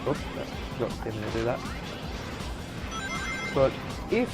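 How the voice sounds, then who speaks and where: A man's voice: mid-range voice, very animated, slow. A young man giving casual let's-play commentary, rambling and easily frustrated, with lots of restarts. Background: game music.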